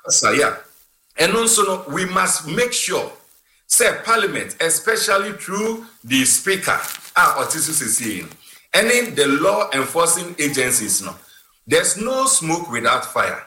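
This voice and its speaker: A man speaking as a guest in a broadcast discussion, halting, with many fillers and restarts. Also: fairly high pitch, very animated, pushed and bright. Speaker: guest commentator. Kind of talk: call-in discussion. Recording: roomy echo.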